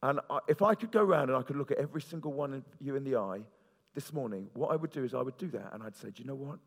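A man's voice: medium pitch, expressive, fast, gravelly. A man preaching a sermon in church, earnest and storytelling, with fillers and restarts. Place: church hall. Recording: reverberant church hall.

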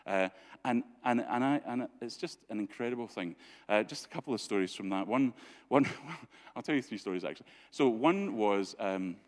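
A man gives a church talk full of stories. He is chatty and often laughs, and he restarts his sentences a lot. His voice sits a little low. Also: lively intonation, moderate pace, hardly any pauses. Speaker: church speaker. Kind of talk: anecdotal storytelling talk.

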